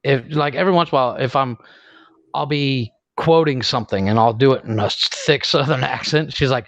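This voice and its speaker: A man's voice: mid-range voice, brisk, a bit bright, no room sound. A laid-back man from Ohio with an Ohio accent, co-hosting a podcast, chuckling and acting out quotes. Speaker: podcast co-host. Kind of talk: casual chat.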